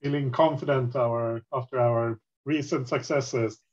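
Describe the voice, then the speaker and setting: Guy playing a tabletop game, talks real slow, muffled lo-fi mic. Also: mid-range voice, steady tone, a little mellow. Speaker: player.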